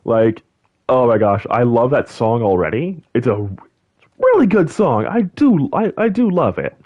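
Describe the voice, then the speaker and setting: A young man hosting a gaming channel, chatting casually over gameplay in a rambling, animated way, full of fillers and restarts. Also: mid-range voice, measured pace, highs cut off.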